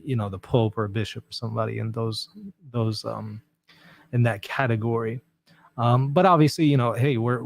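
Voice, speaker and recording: A man's voice: lowish voice, a little mellow. A man hosting a podcast, talking casually and earnestly about clips he is reviewing, with frequent fillers and restarts. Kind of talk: casual commentary.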